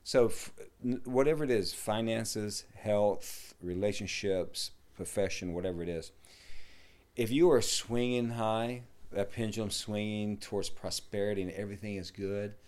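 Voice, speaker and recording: A middle-aged man, a yoga teacher, talking in a rambling, casual way, swearing and dropping to low mutters. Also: moderate pace, darkish tone. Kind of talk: casual podcast conversation.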